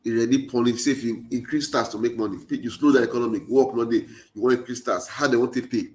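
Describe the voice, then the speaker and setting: Nigerian pidgin guy ranting about politics, mid-pitch voice, keeps hammering the same lines. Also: fairly even intonation, fast, darkish tone. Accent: Nigerian Pidgin English. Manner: urgent, exhorting with repeated rallying phrases. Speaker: political commentator. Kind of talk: impassioned political monologue.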